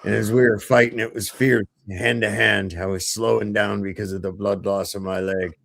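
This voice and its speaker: A man's voice: fairly low pitch, little pitch movement, moderate pace, gravelly, fairly bright tone. A man voicing a grizzled old male pirate with a hook and peg leg, growling "arr" in a sea-dog manner. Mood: gruff.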